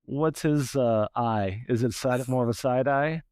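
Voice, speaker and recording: A man hosting a parenting podcast as a coach, relaxed and conversational, often agreeing with his guest. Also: mid-range voice, measured pace, clean tone, dry recording, clean studio sound. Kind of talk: casual conversation.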